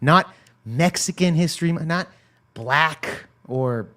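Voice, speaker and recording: Man streamer from south texas, loose profane banter, laughs a lot, slightly higher voice. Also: takes it slowly, bright, forceful tone. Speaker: stream host. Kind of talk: casual reaction stream chat.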